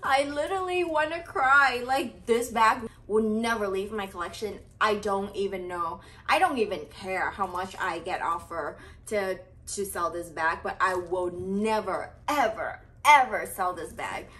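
A woman vlogger gushing over a purse she is unboxing, talking excitedly with lots of fillers and breathless exclamations. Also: mid-range voice, measured pace, hardly any pauses. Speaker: fashion vlogger.

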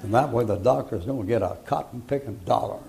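Gravelly older preacher, folksy. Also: male voice, medium pitch, fast talker, noisy background. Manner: folksy storytelling with sudden loud preaching bursts. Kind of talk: sermon.

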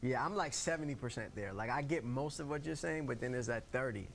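A man with a New York accent interviewing a guest in an easygoing way, laughing along and asking quick questions. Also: medium pitch, creaky, slight background noise. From Queens, New York. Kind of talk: casual interview chat.

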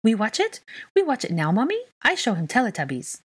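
A woman voicing an excited, pleading little boy in a fan fiction reading. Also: a little fast, husky, no echo, full character voice. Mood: eager. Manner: high, eager and pleading.

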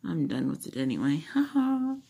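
A woman's voice: sits low, sing-song, moderate pace, creaky, mellow, breathy edge. A woman vlogger chatting loosely to her phone camera, rambling with many fillers and asides. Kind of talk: casual chat to a phone camera.

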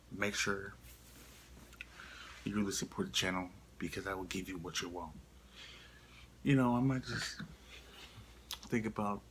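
A man's voice: lowish voice, a bit bright, slight background noise, rough recording. A male vlogger giving a playful channel update, teasing the viewer and often dropping into whispers.

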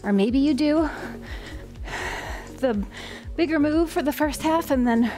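A woman's voice: high-pitched, expressive, measured pace, warm tone. A woman fitness instructor, out of breath, leading a walking workout with upbeat coaching cues. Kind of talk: guiding a workout. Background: background music.

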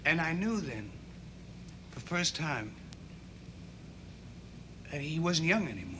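A young actor playing an earnest, idealistic teenage boy in a 1960s TV drama. He talks in a halting, rambling way full of restarts. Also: fairly high pitch, very animated, background noise.

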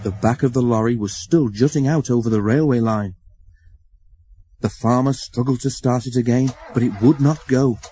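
Husky male storybook narrator. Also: mid-range voice, moderate pace, dry recording. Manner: expressive, acts out the story. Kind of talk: storybook reading.

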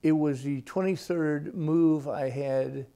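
A man in his sixties, an author being interviewed at his home, telling stories in a slow, reflective way. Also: fairly high pitch, steady tone, dark tone, clear, resonant tone. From United States. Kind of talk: relaxed storytelling in interview.

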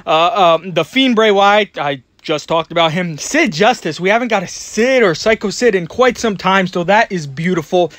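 Breathless excitable man, high voice. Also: normal speed, hardly any pauses, no room sound. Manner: excitable, rambling, repeats words. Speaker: toy collecting vlogger.

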